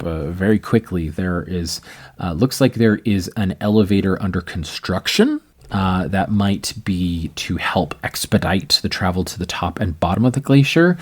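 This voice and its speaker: A man's voice: sits low, husky. A man narrating a tabletop game as game master, loose and full of fillers.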